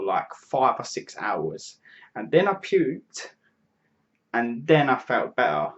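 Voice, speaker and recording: A man's voice: mid-range voice, very animated, slow. A 22-year-old man, casually answering viewer questions to camera, rambling and restarting his sentences. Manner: rambling, restarts sentences, frequent "you know what I mean". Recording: dull lo-fi mic.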